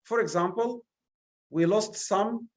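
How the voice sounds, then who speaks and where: A male English teacher giving an exam revision lesson, speaking deliberately and stressing single words one at a time. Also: sits high.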